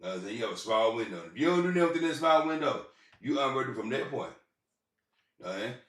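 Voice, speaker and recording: A man with a middle-pitched voice tells rambling personal stories. He swears casually and keeps repeating and restarting his phrases. The sound is roomy and distant, as if he is sitting well back from the mic. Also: expressive, a bit bright. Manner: halting, repetitive restarts and profanity. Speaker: vlogger.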